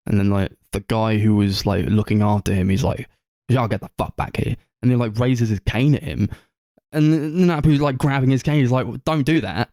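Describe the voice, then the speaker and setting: A man co-hosting a podcast, chatting casually about films, animated, swearing and acting out scenes as he retells them. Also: mid-range voice, no room sound, studio quality. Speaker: podcast co-host. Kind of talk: casual film chat.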